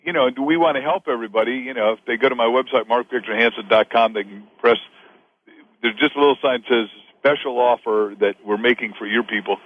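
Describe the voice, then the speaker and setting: A man talks as a guest author in an interview, motivational and rambling, repeating words as he pushes his offers. His pitch sits in the middle for a man. The audio sounds slightly dull and lo-fi. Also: fast.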